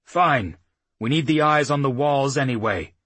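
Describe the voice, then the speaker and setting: A man voicing a bulky old half-orc warband chief who talks in short, gruff commands. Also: medium pitch, a little slow, a bit bright, no room sound, voice pushed up. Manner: barks orders, gruff and terse.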